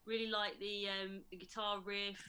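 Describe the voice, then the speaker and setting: A woman, a DJ on a radio panel, giving a frank and lively review of a track in casual chat. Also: mid-range voice, moderate pace, slight background noise. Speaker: DJ and panel guest.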